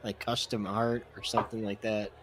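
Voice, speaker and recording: Male co-host, low-key dry delivery, quiet chuckles, relaxed conversation. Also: moderate pace, slight background noise. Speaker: podcast co-host. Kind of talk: casual chat.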